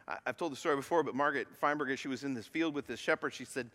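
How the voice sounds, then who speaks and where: A man preaching a sermon as pastor, moving from loud emphatic lines to hushed near-whispers and acting out voices in his stories. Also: mid-range voice, rapid-fire, few pauses. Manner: acts out quoted voices while telling a story.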